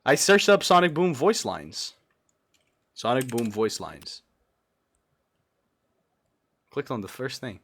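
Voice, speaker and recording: A man's voice: mid-range voice, very animated, slow, pauses often, breathy edge. Giggly, rambling young man streaming. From Brazil. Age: young adult. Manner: giggly, rambling, swings from mumbles to loud yelps. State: sleep deprived. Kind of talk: casual livestream chat.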